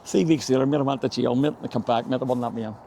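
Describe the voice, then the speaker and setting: A man's voice: medium pitch, fairly even intonation, rapid-fire, gravelly, mellow, a little hiss or hum. Chatty Belfast man, full of "mate". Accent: Northern Irish (Belfast). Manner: chatty storyteller, says "mate" constantly. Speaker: local guide. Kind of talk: casual walking-tour chat. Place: outdoors on city streets.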